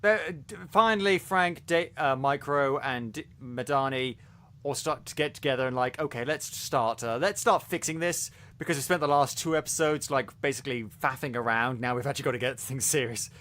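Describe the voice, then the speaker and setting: A man's voice: medium pitch, fairly quick, bright, forceful tone. A man co-hosting a podcast, reviewing a series in casual chat, talking animatedly with many restarts and stumbles. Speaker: podcast co-host.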